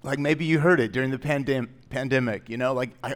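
A man's voice: mid-range voice, a little fast. A man pastor preaching a sermon in a conversational way, with joking asides that rise into emphatic declarations.

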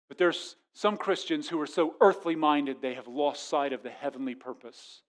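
A man preaches with a fairly high voice. He moves from loud, exclaiming passages to quiet asides. He acts out the voices of the people he quotes. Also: moderate pace. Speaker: pastor. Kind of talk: sermon.

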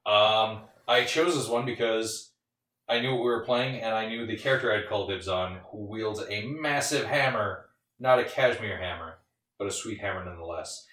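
A man's voice: lowish voice, moderate pace, fairly bright tone. Joking man on a roomy distant mic. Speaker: podcast co-host. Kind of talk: casual chat.

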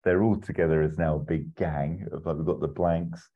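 With a very deep, slightly rough voice, a man speaks at a moderate pace in a steady tone. Hosting a podcast, he casually rambles through an imagined movie plot, full of ums and asides; the recording sounds dull and muffled.

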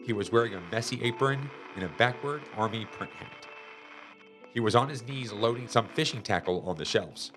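A man reading a children's chapter book aloud in a lively, expressive storytelling manner. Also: medium pitch, normal speed. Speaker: storybook reader. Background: music.

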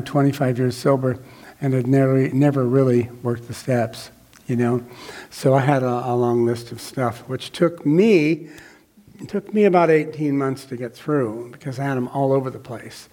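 A man's voice: medium pitch, moderate pace, warm tone. An older man telling his recovery story to a group, rambling and reflective with many fillers and restarts. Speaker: recovery meeting speaker. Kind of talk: personal testimony to a group.

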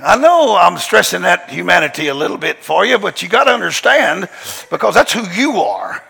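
Folksy, gravelly preacher man in a hall. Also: high-pitched, sing-song, moderate pace, bright, forceful tone. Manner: folksy, emphatic, drawling with slang. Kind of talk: storytelling sermon. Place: large church hall. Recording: long hall reverb.

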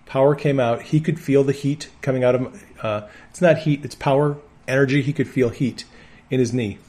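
A man's voice: medium pitch, fairly even intonation, moderate pace, a little mellow. A man who works on an ambulance, preaching a sermon and telling personal healing testimonies with earnest conviction. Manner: earnest storytelling with firm conviction.

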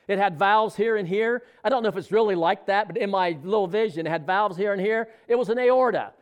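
A man preaching a sermon, telling a story with animated excitement and acting out quoted dialogue. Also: high-pitched, a little fast, muffled recording. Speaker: pastor.

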